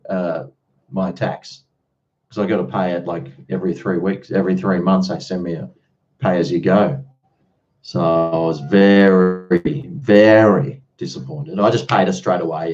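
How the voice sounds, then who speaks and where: Speaking in a fairly low, somewhat mellow voice, an Australian streamer chats casually with his viewers, replying to comments in a blunt manner with plenty of swearing. The audio is muffled.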